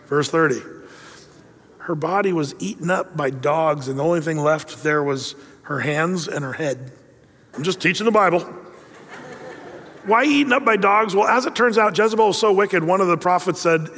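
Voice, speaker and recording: A man's voice: sits high, pushed and bright. A man preaching a sermon, telling a story with playful asides and acting out quoted lines. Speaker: pastor. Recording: long hall reverb.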